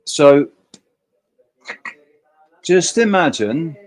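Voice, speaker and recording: A man's voice: a little high, very animated, extremely slow, darkish tone. A man hosting a casual livestream chat, talking emphatically in a rambling way and swearing freely. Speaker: host.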